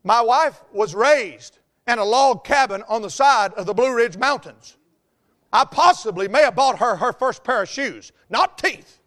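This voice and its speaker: A middle-aged pastor from the mountains of North Carolina, with a Southern US Appalachian accent, preaches with exuberant stories. He speaks at a measured pace in a very high-pitched, fairly bright voice with lively intonation.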